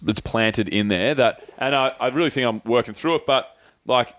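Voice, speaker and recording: A man's voice: mid-range voice, normal speed, fairly bright tone, no room sound, studio quality. Man telling a story. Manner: swears freely, acts out friends' voices. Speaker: podcast co-host. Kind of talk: casual storytelling chat.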